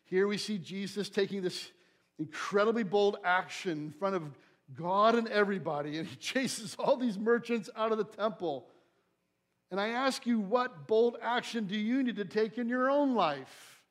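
A man's voice: high voice, unhurried. A pastor preaching a fervent sermon, building to emphatic, searching questions to his listeners.

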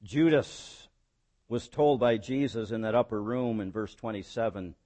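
A man preaching a sermon as pastor, voicing quoted lines with rising emphasis and dropping low on key words. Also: measured pace, warm tone.

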